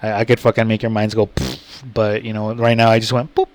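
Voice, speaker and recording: A man vlogger telling a story to his viewers, blunt and profane, talking slowly and rambling. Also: lowish voice, monotone, no room sound. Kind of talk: casual story time to camera.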